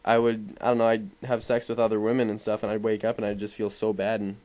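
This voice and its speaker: A man's voice: lowish voice, monotone, fast, darkish tone. A young man giving casual, rambling voice-over commentary over gameplay, full of fillers and swearing. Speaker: gaming commentator.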